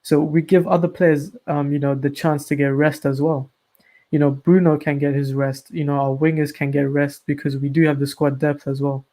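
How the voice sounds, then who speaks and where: A man co-hosting a casual football podcast, making measured counterpoints. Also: fairly high pitch, little pitch movement, mellow. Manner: measured, plays devil's advocate. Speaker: podcast co-host.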